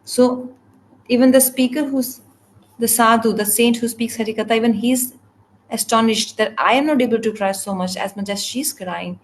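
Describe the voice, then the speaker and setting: A woman interpreting a spiritual scripture class, speaking in halting phrases with restarts and repeated words. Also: a little high, slight background noise, low-quality recording. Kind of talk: translating a devotional scripture class.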